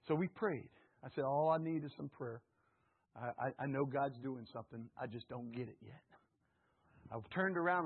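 A man's voice: fairly high pitch, slightly rough. A man, an associate pastor, preaching a sermon in a church, telling stories and calling out to the congregation. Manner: storytelling with call-and-response to the congregation. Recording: tinny phone-like sound.

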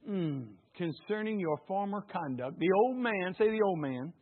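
A pastor preaches a sermon in a high-pitched, expressive, unhurried voice, exhorting his congregation with repeated phrases and calling on them to say words back. The recording is tinny, like a phone.

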